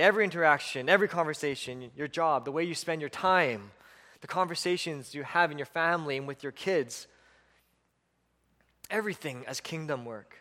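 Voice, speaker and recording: A man's voice: a little high, a little fast, pushed and bright, in a large hall. A male pastor preaching a sermon, emphatic, building on repeated lists and breaking into chuckles.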